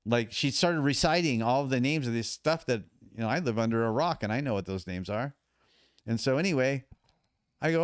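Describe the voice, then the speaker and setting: Middle-aged male guest, animated storyteller who acts out the quotes, dry close sound. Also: mid-range voice, brisk, smooth, no echo. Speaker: podcast guest. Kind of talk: casual storytelling.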